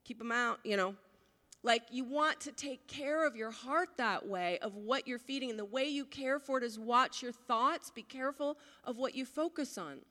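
A woman's voice: on the high side, moderate pace, pushed and bright. A woman pastor giving a conversational sermon, often asking her listeners questions. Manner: conversational, asks the congregation questions. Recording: long hall reverb.

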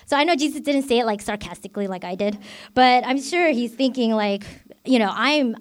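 A woman in her twenties or thirties teaches scripture in a loose, conversational way. She leans on fillers and restarts, thinking out loud as she goes. Her voice sits in a middle pitch. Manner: chatty, filler-heavy, self-revealing. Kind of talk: informal bible teaching.

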